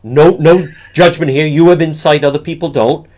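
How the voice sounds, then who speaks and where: A man hosts a talk radio show and introduces a caller. He speaks in an earnest, measured way and sounds reassuring. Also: fairly high pitch, steady tone, a little mellow.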